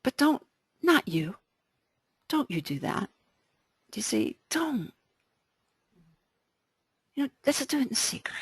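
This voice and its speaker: A woman's voice: sits high, slow, long pauses, husky, dry recording. Woman, Bible study leader, chatty with restarts, dry close sound. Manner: lively, conversational, frequent restarts. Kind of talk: casual Bible study talk.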